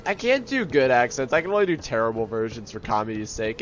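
A man chatting over a video game playthrough, his pitch swinging widely as he jokes and talks back at the enemies. The recording is noisy, with clear hiss and game sound under his voice. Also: very animated, quick pace, highs cut off. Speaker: gameplay commentator. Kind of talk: let's play commentary.

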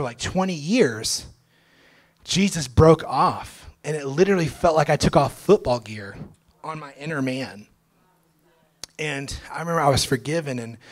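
A young man, a pastor, telling his testimony to a church congregation in a casual, slangy way, at times breaking into loud joyful shouts. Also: a little high. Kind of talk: testimony sermon. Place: church sanctuary.

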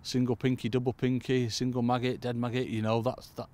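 A man from the United Kingdom delivers a chatty, casual fishing tutorial at a chilly lakeside, repeatedly calling listeners "folks." His mid-range voice has a dark tone and a flat delivery, and he keeps a brisk pace.

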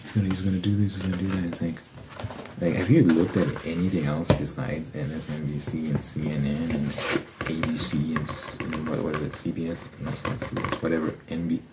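Young male ASMR host, very low voice, rambling profane chat over heavy background noise. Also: flat delivery, fairly quick. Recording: loud background noise and clicks.

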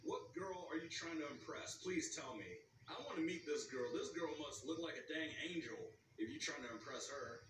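Animated man joking through a reaction video. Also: fairly high pitch, moderate pace, few pauses, echoey room, far from the mic, noisy background. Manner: animated, joking, slangy, teasing. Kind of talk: reaction commentary.

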